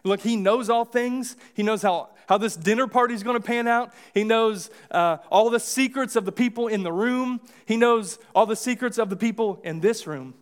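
A man's voice: high-pitched, moderate pace, few pauses. A man with an American accent preaching a sermon in a church, casual and conversational, with many restarts and acted-out asides. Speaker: pastor. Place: church sanctuary.

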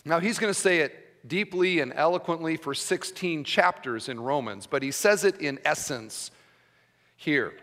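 A man's voice: on the high side, normal speed, fairly bright tone. A man preaching a sermon as pastor, teaching conversationally and checking in with the congregation with frequent "okay?". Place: church sanctuary. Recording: long church hall reverb.

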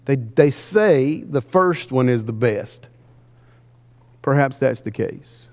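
A man preaching a sermon, pressing the congregation with repeated questions and slowing down for emphasis. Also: medium pitch, animated. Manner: emphatic, questioning the congregation, varying pace widely. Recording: long hall reverb.

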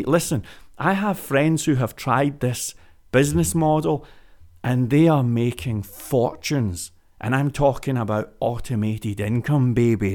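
A man talking straight to his viewers in a casual vlog, pitching an idea like a salesman and repeating phrases for emphasis. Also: measured pace, darkish tone. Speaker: web business vlogger. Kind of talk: energetic casual monologue to camera.

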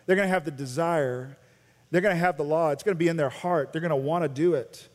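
An American pastor with a high-pitched voice preaches to his congregation. His delivery is animated, rising to loud emphasis and dropping to quiet intensity. The sound rings with the long reverb of a large sanctuary. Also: fast talker. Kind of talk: sermon.

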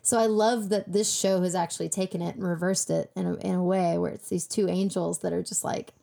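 Animated woman with a gravelly edge. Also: lowish voice, fairly quick. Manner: animated, acts out quoted lines. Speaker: podcast co-host. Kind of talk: casual TV recap discussion.

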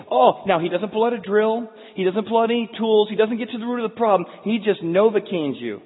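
A man preaching a sermon, telling stories in an animated way with frequent restarts. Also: high-pitched, a little fast, husky. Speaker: pastor. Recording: phone-like sound in echoey hall.

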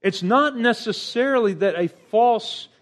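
Preaching a little slowly, this middle-aged man sounds earnest and forceful, his voice abruptly rising in places before certain lines trail off softly.

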